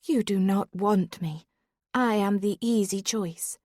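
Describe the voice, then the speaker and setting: A woman reading a stubborn, defiant young lady whose lines rise sharp and heated in an audiobook. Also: mid-range voice, takes it slowly, no room sound, studio quality. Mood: indignant.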